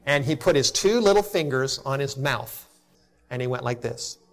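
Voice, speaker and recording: A middle-aged man preaching a sermon to a congregation, telling a personal story in an earnest way that drops to a hush at tender moments. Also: mid-range voice, lively intonation, normal speed. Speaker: pastor.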